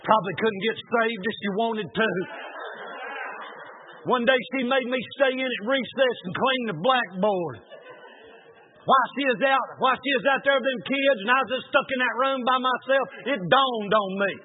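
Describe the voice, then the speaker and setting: High-voiced preacher, tinny sound. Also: male voice, normal speed, a little hiss or hum. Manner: folksy, colloquial storyteller. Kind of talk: storytelling sermon. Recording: narrow phone-like sound.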